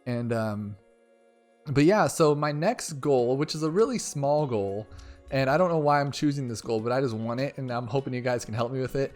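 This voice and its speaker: A man giving rambling, excitable game commentary as a gaming YouTuber, talking a lot and jumping between topics. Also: mid-range voice, moderate pace, soft background music.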